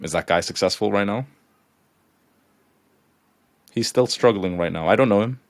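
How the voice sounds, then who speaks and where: A man's voice: on the low side, moderate pace, no room sound. A man coaching a class, talking casually with lots of fillers and getting heated and swearing as he pushes his point. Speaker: coach lecturing students. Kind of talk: live lecture.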